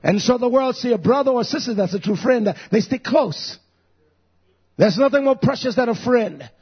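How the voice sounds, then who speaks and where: Fiery raspy man in his fifties preaching. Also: lively intonation, normal speed, muffled recording. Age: 50s. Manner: swings from hushed low growls to shouting. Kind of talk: fiery sermon.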